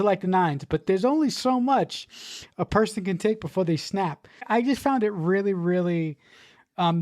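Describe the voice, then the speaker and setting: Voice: mid-range voice, a little mellow, dry recording, clean studio sound. A podcast co-host casually discussing a film, rambling, restarting sentences and swearing.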